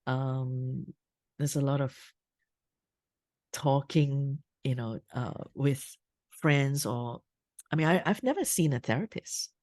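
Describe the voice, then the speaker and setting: A woman hosting a podcast interview remotely, speaking hesitantly with many pauses. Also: very deep voice, a little mellow, dry recording, studio quality. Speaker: podcast host. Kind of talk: casual interview talk. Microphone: remote recording.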